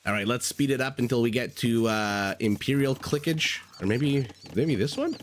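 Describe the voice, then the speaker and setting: A man's voice: medium pitch, normal speed, a little hiss or hum. A man recovering from a cold, chatting through live game commentary, thinking aloud and greeting viewers. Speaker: game caster. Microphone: desk microphone.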